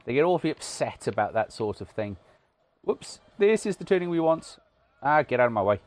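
A man's voice: mid-range voice, big pitch swings, a little fast. A British man from the UK giving casual, wry commentary over a video game, self-deprecating and full of "uh" fillers. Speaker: gaming channel host.

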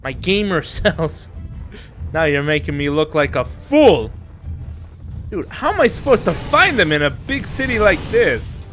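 A man's voice: on the high side, measured pace. A man streaming a monster-fighting video game live, commentating with lots of swearing, laughter and outbursts at his opponents. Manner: excitable, profane, laughs a lot, talks to the game. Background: game music and sound effects.

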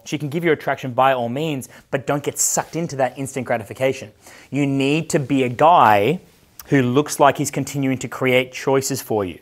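A male dating coach talks to a room of students in a loose, casual way. He swears freely and laughs at his own stories, at an ordinary pitch for a man. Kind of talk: casual coaching talk to a live group.

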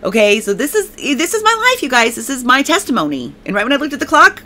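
A woman's voice: a little high, very animated, a little fast, hardly any pauses, sharp tone. A woman giving a casual spoken faith testimony, rambling and emphatic, leaning on "like" and repeating herself, and now and then thanking God aloud. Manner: prays aloud.

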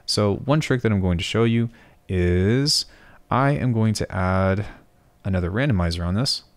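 Low-voiced man thinking aloud while teaching. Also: normal speed. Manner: thinks aloud, corrects himself often. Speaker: music production tutor. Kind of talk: screen-recorded software tutorial.

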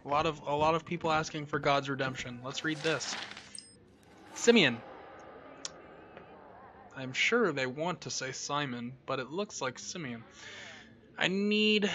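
Male gaming host, jumpy horror commentary, bright and sharp tone, slightly high. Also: unhurried, long pauses, dull audio. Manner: jumpy and profane, yelling when scared.

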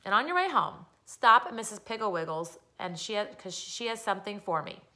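A brisk, dry storybook mother who fusses over her son and gives firm orders, as a woman reading aloud puts her on. Her voice is bright and clear. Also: mid-range voice, animated. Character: fussing, brisk, knowing mother.

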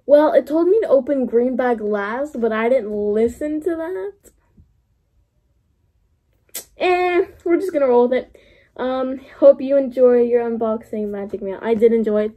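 A young woman hosts an unboxing vlog, gushing and letting out excited gasps and squeals. Her voice sits high and soft, with a breathy, husky edge and a mellow tone. She takes her time, talking in an unhurried way. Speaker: vlogger.

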